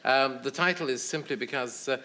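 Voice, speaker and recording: A man, a guest on a television chat show, telling anecdotes in a wry, hesitant way with many pauses and fillers. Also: medium pitch, pushed and bright. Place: television studio.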